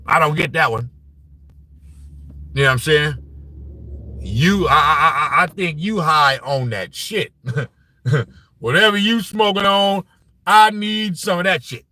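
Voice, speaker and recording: Animated profane man hosting sports stream. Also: on the high side, no room sound. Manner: animated, profane, frequent "you know what I'm saying". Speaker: sports show host reading live chat. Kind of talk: casual live-stream sports talk.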